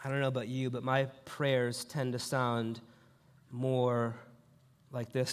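A man's voice: medium pitch, flat delivery, slow, smooth, big-room sound. A man preaching a sermon in a conversational way, telling personal stories and asking the congregation rhetorical questions. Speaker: pastor.

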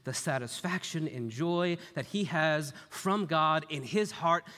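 A man's voice: fairly high pitch, unhurried, bright, forceful tone, long reverb tail. A man preaching a sermon in a conversational way, telling personal stories and asking the congregation rhetorical questions. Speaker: pastor.

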